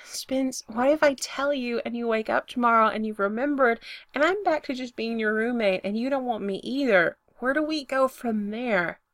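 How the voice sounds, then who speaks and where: Lady doing a shy squeaky young dude, flustered and small-voiced, dry close sound. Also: normal speed, no room sound, lightly acted. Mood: anxious.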